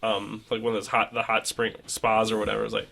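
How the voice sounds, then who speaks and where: Bright-voiced young man telling a rambling story. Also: fairly low pitch, monotone, fast, creaky. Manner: rambling storytelling with many fillers. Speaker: podcast co-host. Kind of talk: casual chat.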